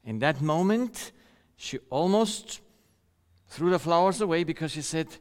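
Slow-speaking preacher in a big echoing hall. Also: male voice, a little high, expressive, clear, resonant tone. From rural countryside. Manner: storytelling, acts out quoted voices, laughs often. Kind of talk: sermon. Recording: long hall reverb.

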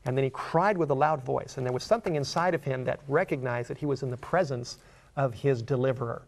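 Male preacher, gravelly voice, earnest storytelling sermon, emphatic questions. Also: mid-range voice, fast talker. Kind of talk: sermon, Bible exposition.

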